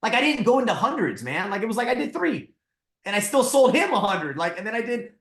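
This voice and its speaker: A man with a slightly high voice tells his story as a podcast guest, lively and chatty, and he often acts out the people he quotes. The room around him sounds echoey. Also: a little fast. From Southern California. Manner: animated storyteller, acts out quotes, says "like" and "right?" a lot. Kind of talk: casual storytelling interview.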